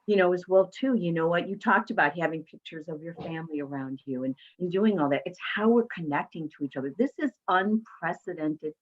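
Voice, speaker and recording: A woman's voice: lowish voice, fairly quick, few pauses, lo-fi sound. A woman hosting an online talk, chatting in a reassuring, conversational way over a video call. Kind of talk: webinar conversation.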